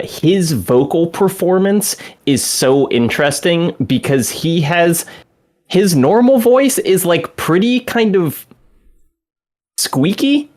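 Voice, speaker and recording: A man co-hosting a casual game discussion podcast, rambling and animated, often slipping into character quotes. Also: a little high. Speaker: podcast co-host.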